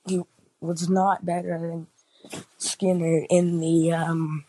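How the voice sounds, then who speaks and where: A man's voice: a little high, level tone, slow, mellow, no room sound. A man leaving a casual, rambling voice message, apologetic and full of fillers. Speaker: caller.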